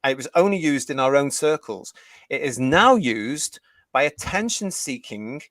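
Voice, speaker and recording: A man's voice: medium pitch, a bit bright, dry recording. An older British man hosting a live stream, indignantly reading out chat comments. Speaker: host.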